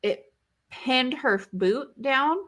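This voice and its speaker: A woman's voice: high voice, drawn-out words, a bit bright. A woman in her thirties, a podcast co-host, telling a story in casual chat. She rambles with many fillers and swears freely.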